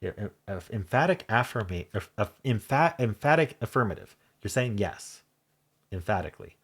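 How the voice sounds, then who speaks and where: A man thinking aloud as he solves a crossword, muttering in halting self-talk with half-voiced asides. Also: fairly low pitch, expressive, fairly bright tone, husky. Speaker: crossword solving channel host. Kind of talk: thinking aloud while solving a puzzle.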